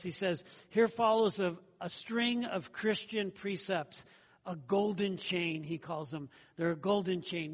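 A man with a high-pitched voice preaches an earnest sermon. He talks in a conversational way, repeating phrases and adding asides to the congregation. His voice rings with a long reverb, as in a church hall. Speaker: pastor.

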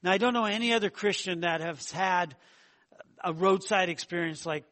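A man's voice: high-pitched, normal speed, fairly bright tone. A middle-aged man giving a sermon, talking conversationally with fillers, repeated words and surges of emphasis. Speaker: preacher.

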